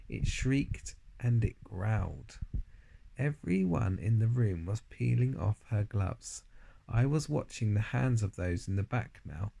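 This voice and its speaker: A man reads a children's novel aloud, narrating in the first person. His mid-range voice has a gravelly, creaky texture, and he leans on key words for effect. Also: mid-range voice, darkish tone. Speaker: audiobook reader.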